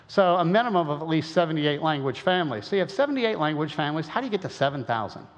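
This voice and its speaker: A man's voice: a little high, animated, fast talker. A man from Western Illinois giving a folksy, conversational lecture with lots of rhetorical questions. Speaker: creationist speaker. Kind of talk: lecture-style talk. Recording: muffled sound with long hall reverb.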